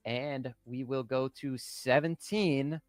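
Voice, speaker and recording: A man analyzes a trading card game match in a calm, measured way, working through the options and slipping in a pun. His pitch is ordinary for a man. The sound is dry and close to the mic. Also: dry recording. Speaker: caster.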